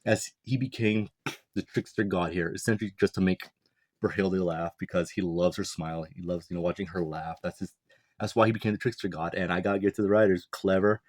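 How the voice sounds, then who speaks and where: A man's voice: deep voice, no echo, studio quality. A young man casually breaking down a manga chapter, rambling and chuckling, full of "like" and "you know". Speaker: manga reviewer.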